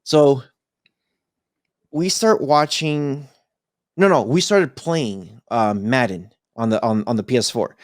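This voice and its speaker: A young adult man, a podcast co-host, telling a story in a casual, animated way and acting out the people in it. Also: mid-range voice, takes it slowly, long pauses, dry recording, studio quality. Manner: animated, acts out voices in his story.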